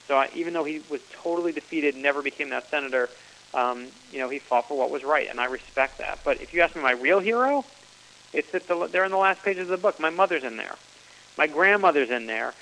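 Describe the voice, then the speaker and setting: A man's voice: on the high side, bright, forceful tone, rough recording. A middle-aged man, an author guest on a radio interview, telling stories earnestly with frequent restarts. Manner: earnest storytelling, many restarts.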